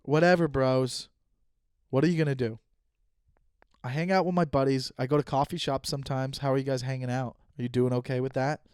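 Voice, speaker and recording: A man's voice: medium pitch, fairly even intonation, quick pace, darkish tone, clear, resonant tone, no echo, studio quality. A young man hosting a solo podcast, rambling and joking casually with lots of swearing. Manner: rambling, profane, joking asides. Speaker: podcast host.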